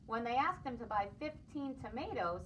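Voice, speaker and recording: A woman preschool teacher reading a picture book aloud to children, expressive and lively. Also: a little high, normal speed, far from the mic, noisy background.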